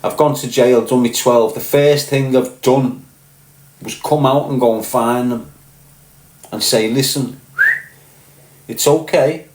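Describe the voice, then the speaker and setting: A man's voice: mid-range voice, steady tone, unhurried, long pauses, a little mellow. Liverpool accent, middle-aged man, crude boastful storyteller, mid-range voice, echoey room. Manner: profane, boastful, answers viewers by name. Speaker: livestream host. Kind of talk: crude casual storytelling to live chat. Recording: roomy echo.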